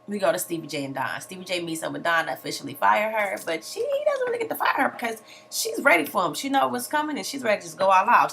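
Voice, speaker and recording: A young woman recapping a reality TV episode in a sassy, animated way, full of slangy asides and mock outrage. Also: medium pitch, vocal fry, a little hiss or hum. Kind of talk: casual recap commentary.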